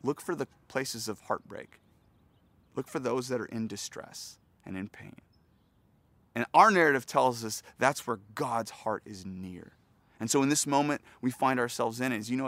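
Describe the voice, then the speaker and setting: Gravelly-voiced pastor preaching earnestly. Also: male voice, mid-range voice, animated, fairly bright tone, no echo. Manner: earnest, conversational preaching with pauses and restarts. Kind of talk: sermon. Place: outdoors.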